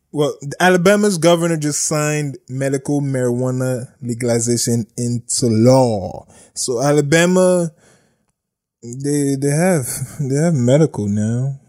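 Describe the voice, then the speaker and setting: A man's voice: fairly high pitch, a little mellow. A man hosting a podcast, giving blunt, sarcastic casual commentary on news, repeating himself and laughing at his own jokes. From United States. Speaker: podcast host.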